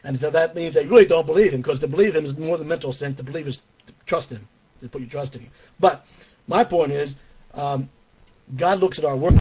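A man teaching from the Bible in an earnest, emphatic way, reading verses aloud slowly and repeating key phrases. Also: fairly high pitch, darkish tone, breathy edge. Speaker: preacher teaching from scripture. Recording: dull lo-fi stream audio.

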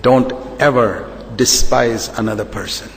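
A man's voice: medium pitch, measured pace, in a large hall, a little hiss or hum, low-quality recording. A man preaching a sermon as a pastor, emphatic and repetitive, firing rhetorical questions.

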